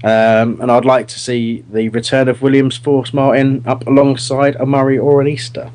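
A man's voice: medium pitch, flat delivery, moderate pace, a little mellow. A man hosting a casual fan podcast, talking in a rambling, hesitant way with many restarts. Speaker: podcast host.

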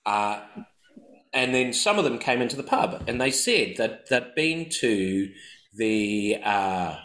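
New man telling lively stories. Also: medium pitch, takes it slowly, roomy sound, poor audio. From New Zealand. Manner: animated, acts out voices in anecdotes. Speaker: podcast co-host. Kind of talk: casual storytelling chat.

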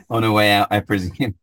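A man playing in a tabletop game who talks in a relaxed way, laughing often and using plenty of fillers. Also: on the low side, no echo. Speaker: player. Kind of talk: casual tabletop play.

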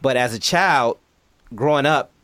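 A man's voice: mid-range voice, unhurried, a bit bright, a little hiss or hum. A man in his forties on a podcast, talking casually with a teasing, joking manner. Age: 40s. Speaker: podcast co-host. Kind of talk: casual chat.

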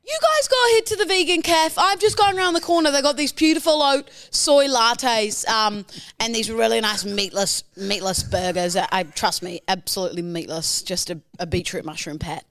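A woman voicing a sneaky female vegan protester who talks in a bright, falsely cheerful, quick way. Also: fairly high pitch.

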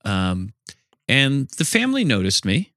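A man's voice: medium pitch, huge pitch swings, unhurried, pushed and bright, no room sound, clean studio sound. A man co-hosting a comedy podcast, telling absurd made-up stories with a straight face in casual improvised chat. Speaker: podcast co-host.

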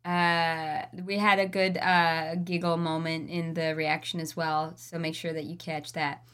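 A woman's voice: low voice, level tone, a little slow, a bit bright, clear, resonant tone. A woman co-hosting a casual book discussion podcast, summing up chapters in a dry, wry way. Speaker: podcast co-host.

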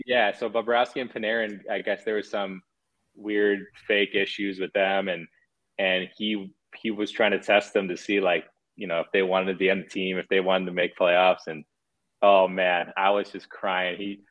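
A former hockey player in his thirties guests on a casual podcast, telling stories in a rambling way with many restarts. His low voice is level, a bit bright, and at a normal pace, though the audio sounds dull.

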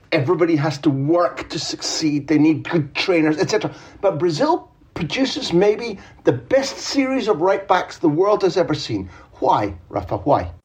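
A Scottish man hosts the conversation with a husky edge and a voice that swings widely in pitch. He teases and prods, repeating his questions for emphasis. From Scotland. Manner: animated, playful, repeats phrases for emphasis. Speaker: interviewer, host. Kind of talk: lively conversational interview.

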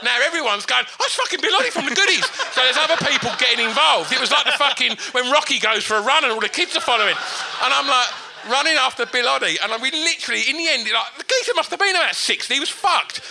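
Man, live podcast co-host, sweary storyteller, high voice, very lively pitch. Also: fast talker, creaky, few pauses, slight background noise. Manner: animated, sweary, laughing storyteller. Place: live venue with an audience.

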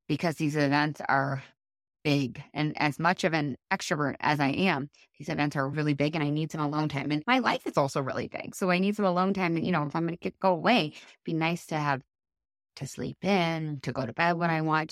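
A woman, hosting a casual solo coaching podcast, chatty and animated, often checking in with "right?". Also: low voice, a little fast, dry recording, studio quality. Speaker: podcast host and life coach.

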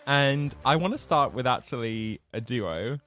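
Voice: medium pitch, expressive, measured pace, a bit bright, dry recording, clean studio sound, faint music behind. A podcast co-host, telling stories in a rambling, casual way. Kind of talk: casual film chat.

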